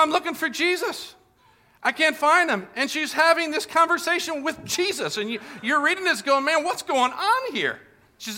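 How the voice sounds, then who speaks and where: A man's voice: high voice, pushed and bright. A man preaching a casual, humorous Easter sermon to a packed church congregation, upbeat and full of fillers. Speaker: pastor.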